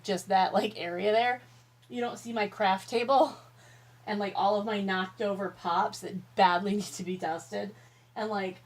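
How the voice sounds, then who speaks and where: Woman vlogger, tired, candid, chatty, swears freely, bright voice, home office. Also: mid-range voice. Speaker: YouTube vlogger. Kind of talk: casual chatty vlog while eating.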